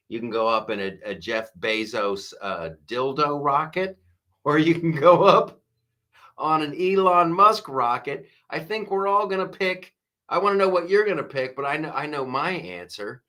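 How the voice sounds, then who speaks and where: Male live-stream host, bright tone, animated comic commentary. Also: mid-range voice, moderate pace. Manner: animated, jokey, mimics voices, laughs often.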